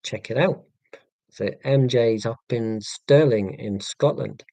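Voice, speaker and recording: A man's voice: medium pitch, takes it slowly, warm tone, no room sound. Dry, self-mocking English man chatting. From England. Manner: dry, self-mocking, rambling with many ums. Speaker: live-stream host. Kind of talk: casual live-stream chat.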